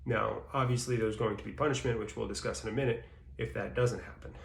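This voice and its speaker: A man's voice: fairly low pitch, fairly even intonation, fast talker, creaky. A man explaining dog training step by step in a plain instructional way. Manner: plain explanatory, acts out baby-talk praise in bursts. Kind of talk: instructional talk. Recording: roomy echo.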